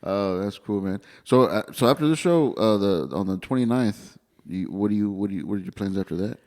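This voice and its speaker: A man's voice: fairly low pitch, lively intonation, a little fast, darkish tone, in a large hall. A man hosting a podcast in casual chat, laid-back and swearing casually, often ending with "man.". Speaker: podcast host.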